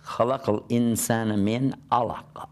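A man's voice: mid-range voice, measured pace. An older American man preaching a conversational sermon, telling stories and asking rhetorical questions. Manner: animated storytelling with rhetorical questions. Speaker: Islamic preacher.

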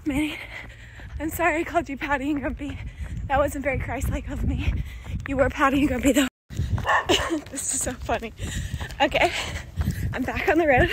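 A woman's voice: high voice, normal speed, pauses often. A young woman chatting in a bubbly way as she records a casual video diary outdoors, laughing often. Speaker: vlogger. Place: outdoors on a road while running. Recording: noisy outdoor phone recording.

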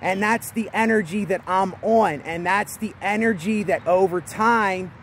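A man's voice: sits high, measured pace, a bit bright. A man vlogging outdoors, giving emphatic, repetitive motivational self-talk and raising his voice a little over the noise around him. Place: outdoors near traffic.

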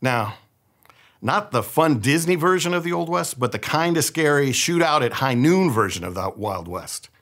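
Lively storytelling pastor, a man. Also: fairly high pitch, moderate pace. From San Francisco Bay Area. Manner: storytelling, conversational and humorous. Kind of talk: sermon.

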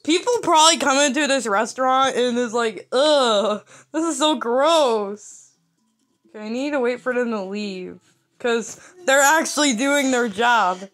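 A woman's voice: fairly high pitch, moderate pace, fairly bright tone. A young woman giving casual gameplay commentary, playful and mischievous, often giggling as she talks. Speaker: gamer.

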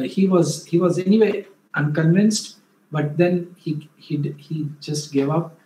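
A man from India, presenting wildlife photos in a talk, often pausing and correcting himself, livelier when retelling a story. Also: medium pitch, a little mellow. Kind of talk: illustrated talk. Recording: echoey room, faint background noise.

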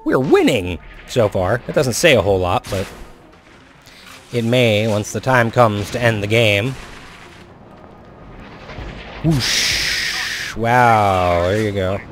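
A young man commentating his own shooter gameplay as he plays, swinging between low muttering and excited whoops. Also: slow, long pauses, soft background music. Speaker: gaming video host.

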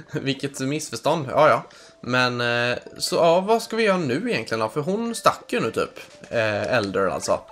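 A man's voice: mid-range voice, big pitch swings, moderate pace, a bit bright. A man casually commenting on a game he is playing, unsure and thinking aloud. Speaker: gaming channel host. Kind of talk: casual let's play commentary.

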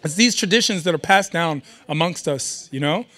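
A young man doing a stand-up comedy set at a live event, animated and riffing with the audience. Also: on the high side, normal speed. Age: young adult.

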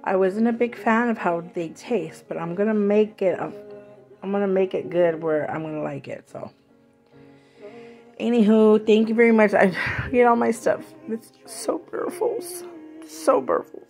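A woman's voice: medium pitch, moderate pace, darkish tone, faint music behind. A woman vlogger chatting casually as she unboxes purchases, gushing and rambling, sick with a cough.

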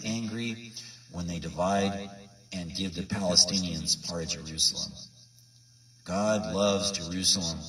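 A man's voice: low-pitched, bright, forceful tone, recorded from a distance. A man preaching informally to his viewers, emphatic and repetitive, full of rhetorical questions. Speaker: independent Bible teacher.

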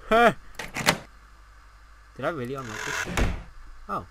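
A young man commentating a horror game as he plays, excitable and swearing, talking back at the game. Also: medium pitch, unhurried, noisy background. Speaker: gaming channel host.

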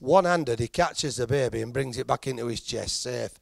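Medium-pitched and creaky, the middle-aged Halifax comic talks fairly quickly in a Yorkshire accent. He does a chatty, self-mocking stand-up bit and teases the crowd, captured in studio quality with no room sound.

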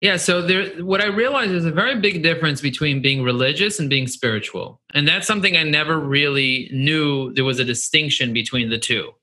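A middle-aged man speaks in an earnest, animated way as an interview guest. His voice is bright and forward, a little higher than most men's. He repeats phrases for emphasis and talks candidly. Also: a little fast, hardly any pauses. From United States. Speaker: guest, marketing agency CEO.

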